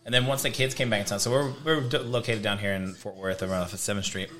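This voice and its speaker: A young man chatting casually in a relaxed, rambling way, swearing now and then. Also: on the low side, fast. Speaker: guest, bartender. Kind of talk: casual chat.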